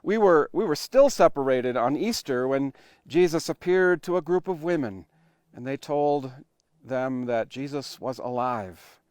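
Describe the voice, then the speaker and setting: A male pastor preaching a sermon, telling it like a story with dramatic pauses and sudden shifts between loud emphasis and hushed, quiet lines. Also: medium pitch, lively intonation, smooth, no echo, clean studio sound. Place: church online worship recording.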